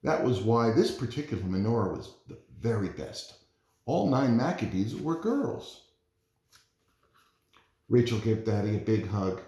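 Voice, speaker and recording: Man reading a storybook with animated lilt. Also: on the low side, a little slow. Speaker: parent reading aloud. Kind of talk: storybook read-aloud. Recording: roomy echo.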